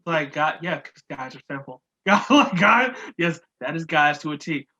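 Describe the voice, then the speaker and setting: A man's voice: a little high, normal speed. A man co-hosting a podcast, joking loosely and swearing as he riffs on a reality show. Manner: animated, joking, swears freely, laughs often. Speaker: podcast co-host. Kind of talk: casual TV recap chat.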